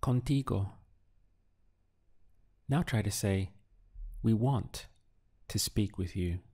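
A man teaching Spanish in an audio lesson, giving slow, deliberate prompts and pausing for the learner to answer. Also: fairly low pitch, dark tone, husky.

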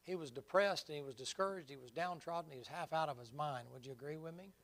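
A man's voice: on the high side, fast talker, a bit bright. A man preaching a sermon in a folksy, vivid storytelling manner.

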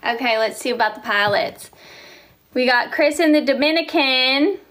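A woman's voice: high-pitched, moderate pace, a bit bright. A woman hosting a casual phone livestream, reading viewer comments aloud and chatting, laughing often. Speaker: livestream host.

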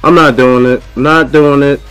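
A man's voice: mid-range voice, fairly even intonation, measured pace, a bit bright, clean tone, no echo, faint music behind, rough recording. A man streaming a fighting game, ranting in frustration and repeating himself. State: aggravated. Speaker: gaming streamer. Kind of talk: live gameplay commentary.

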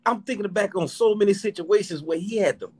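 A man's voice: high-pitched, a little fast, darkish tone, husky. An American man hosting an interview, emphatic and repeating lines for effect. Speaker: host. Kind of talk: interview chat.

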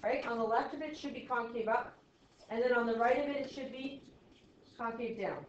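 Talking a little fast in a higher voice, a woman teaches math to a class, poking fun at herself and tossing questions to her students along the way. Faint noise sits under a roomy, muffled lo-fi recording.

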